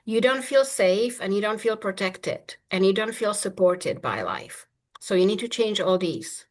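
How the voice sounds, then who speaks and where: Self-assured and playful, this woman coaches manifestation in a relaxed chat and laughs a lot. She has a mid-range, expressive voice and talks a little slowly.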